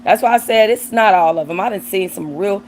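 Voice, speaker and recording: A woman's voice: mid-range voice, brisk, a little hiss or hum, low-quality recording. A woman hosting a livestream, giving blunt, profane commentary on viewer comments and talking aside to her dog. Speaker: livestream host.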